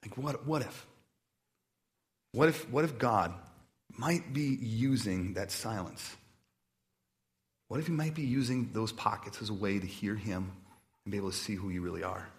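A man delivering a sermon in a casual, conversational way, with self-deprecating stories and many asides, often dropping quiet and slow on reflective points. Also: lowish voice. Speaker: pastor.

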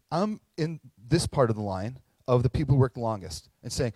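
A man's voice: mid-range voice, very animated, brisk, few pauses, mellow, no room sound. A middle-aged man preaching a sermon as pastor, earnest and conversational, telling stories and acting out quotes. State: tearing up at moments.

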